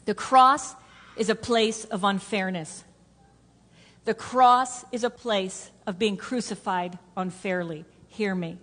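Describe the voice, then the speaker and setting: Woman pastor, sermon delivery, earnest repeating cadence with hushed drops, lingering hall echo. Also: mid-range voice. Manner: earnest, repetitive preaching cadence that drops to a hush for emphasis. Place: church sanctuary. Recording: long hall reverb.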